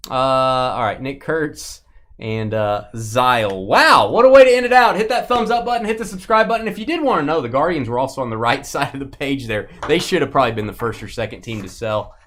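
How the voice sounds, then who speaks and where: A male host running a live sports card break, talking casually and cracking jokes as he reveals each card. He now and then breaks into loud excited calls. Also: mid-range voice, fairly quick. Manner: jokey, excitable, breaks into goofy shouts.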